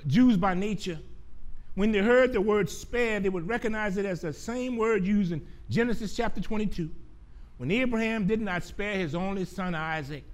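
A man preaching a sermon, asking his listeners rhetorical questions, repeating key phrases, and slowing down to let important words land softly. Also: high-pitched. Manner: slows down and drops soft on key phrases.

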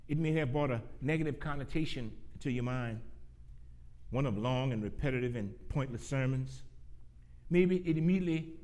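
A man preaching a sermon to his congregation, earnest and emphatic, rising and falling as he drives his points home. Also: on the high side. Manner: earnest, building from soft announcements to emphatic preaching.

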